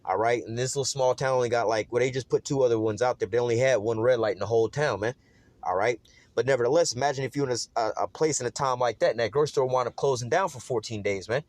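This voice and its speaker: A man's voice: mid-range voice, fast, dry recording. A man giving an informal, rambling Bible study, reading verses and commenting in streetwise slang with constant fillers. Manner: rambling, streetwise, peppered with "man" and "all right". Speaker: Bible teacher.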